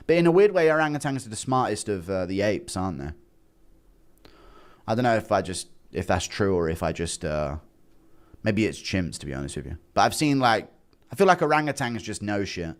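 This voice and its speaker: A young man hosting a livestream, chatting casually and swinging between loud bursts and low mumbles. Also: sing-song, a little fast. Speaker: livestream host.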